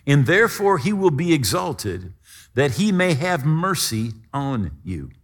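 A man preaching a sermon, emphatic, with dramatic swings between loud stresses and quiet drops. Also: a little high, a little slow. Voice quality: lively, expressive intonation.

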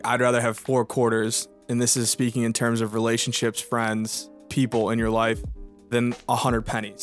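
Rambling animated man, mid-pitch voice. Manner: rambling, animated storyteller, many fillers. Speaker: podcast co-host. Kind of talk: casual chat.

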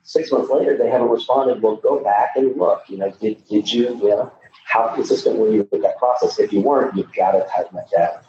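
A man's voice: fairly low pitch, dark tone. A middle-aged man coaching loan officers in a podcast conversation, emphatic, with frequent restarts. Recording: echoey, dull, distant mic with faint noise.

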